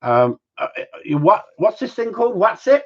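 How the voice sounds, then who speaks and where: A man's voice: high-pitched, big pitch swings, normal speed. A man hosting a casual live-stream Q&A from home, rambling and joking with mild swearing. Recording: slightly dull lo-fi sound.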